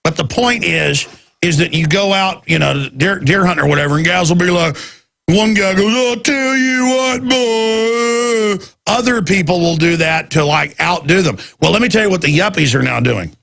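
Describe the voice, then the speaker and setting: A man with a Texas accent hosting a talk radio show, ranting and mocking people in a gravelly, husky voice. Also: on the high side, brisk, fairly bright tone.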